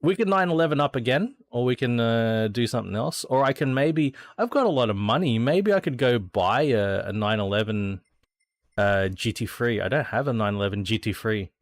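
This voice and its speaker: An easygoing Australian man with a mid-pitched voice muses aloud while browsing cars in a racing sim, dropping swear words without a second thought. His voice is dry and close, recorded on a desk mic with no room sound around it. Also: expressive, moderate pace, no echo. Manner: laid-back, thinks aloud, swears freely. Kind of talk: casual gameplay chat.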